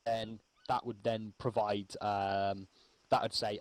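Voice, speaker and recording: Low-voiced man teaching casually. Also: takes it slowly, low-quality recording. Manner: relaxed, rambling, frequent ums. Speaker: milsim infantry instructor. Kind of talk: casual spoken lesson.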